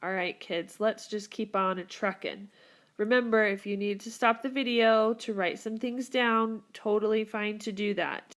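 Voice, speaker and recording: A female Spanish teacher speaks in a steady, mid-range voice at a moderate pace. She is recording a grammar lesson on the whiteboard for her students, upbeat and encouraging as she explains the rules.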